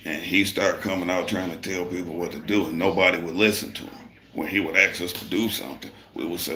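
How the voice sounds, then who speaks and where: Deep-voiced man, profane and heated. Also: steady tone, brisk, hardly any pauses, sharp tone. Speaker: construction worker and livestreamer. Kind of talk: casual storytelling on a live stream. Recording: roomy echo.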